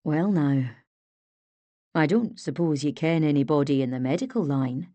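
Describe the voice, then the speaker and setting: A woman reading an audiobook, voicing a soft-spoken man with a Highland Scottish accent who teases gently. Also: normal speed, no echo, lo-fi sound, natural voice. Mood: wry.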